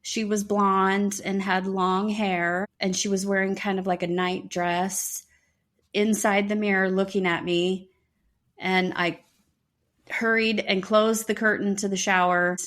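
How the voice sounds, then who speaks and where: Middle-aged woman telling a spooky story on a podcast, animated, does everyone's voices. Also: medium pitch, measured pace. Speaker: podcast co-host. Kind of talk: casual storytelling.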